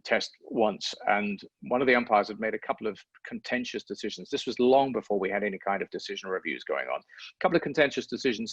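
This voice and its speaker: This man's voice sits fairly low with a breathy edge. He's a sports broadcaster reflecting in an interview, frequently repeating words while thinking, captured on dull lo-fi audio with no echo.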